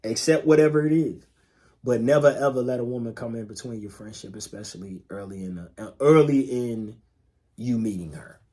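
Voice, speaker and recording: A man's voice: mid-range voice, brisk, darkish tone. A man co-hosting a podcast in casual chat, laid-back and emphatic, swearing freely and repeating phrases to drive a point home. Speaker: podcast co-host.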